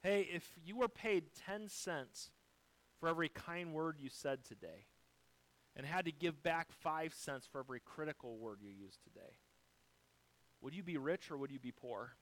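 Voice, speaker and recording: A man delivering a sermon as a pastor, swinging between loud emphasis and soft, quiet lines while quoting scripture. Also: on the high side, expressive, moderate pace, rough recording.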